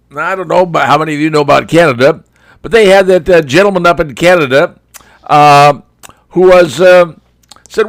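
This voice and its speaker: High-voiced man giving folksy commentary. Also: animated, a little fast. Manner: folksy, conversational, addresses viewers as folks. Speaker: talk show host. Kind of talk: opinion commentary monologue.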